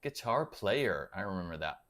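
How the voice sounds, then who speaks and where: A man's voice: sits low, normal speed. Laid-back man chatting with live viewers. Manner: relaxed, rambling, chatting with viewers by name. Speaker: guitar channel host reading live chat. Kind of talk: casual livestream chat.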